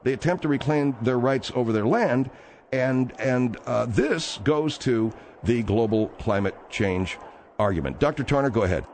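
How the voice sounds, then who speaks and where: A man hosting a comic talk radio show from a studio, brisk and wry, often cutting his guests off. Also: medium pitch, expressive, a little mellow, a little hiss or hum. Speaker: radio host.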